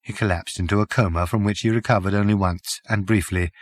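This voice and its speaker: A man narrating an audiobook with expressive storytelling. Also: on the low side, brisk, no echo, clean studio sound.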